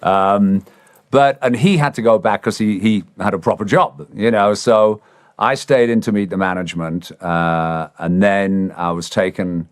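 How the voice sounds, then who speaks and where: A man's voice: lowish voice, unhurried, clear, resonant tone, dry recording, studio quality. An English man in his sixties, telling an anecdote casually and acting out the voices of people he quotes. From England. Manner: animated, acts out quoted voices. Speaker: interviewee. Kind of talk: casual storytelling.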